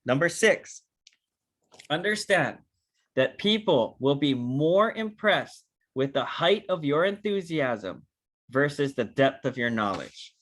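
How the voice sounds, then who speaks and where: A man giving an energetic, animated training talk on a video call, acting out short dialogues with big jumps in pitch. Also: slow. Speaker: network marketing trainer.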